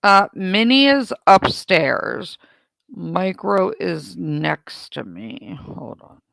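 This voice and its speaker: Stream host, deadpan chat asides, heavy vocal fry, slow and unhurried. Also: medium pitch, no room sound, rough recording. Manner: dry, joking asides to chat. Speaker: livestream trial commentator. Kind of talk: casual live commentary.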